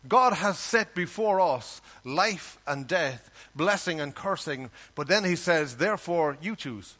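A man's voice: fairly high pitch, animated, a little slow, a bit bright. A man preaching a sermon, talking earnestly and conversationally and reading scripture aloud. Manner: earnest, conversational, reads scripture in King James wording.

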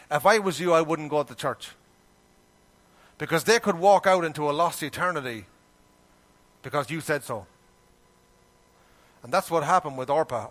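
A man preaching a sermon, animated and full of rhetorical questions, with folksy everyday grammar. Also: fairly high pitch.

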